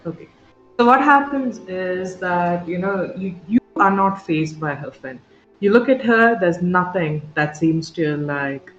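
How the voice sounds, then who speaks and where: A game master narrating a tabletop game with vivid, halting description, full of fillers and restarts. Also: medium pitch, a bit bright. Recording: roomy, dull sound, faint music.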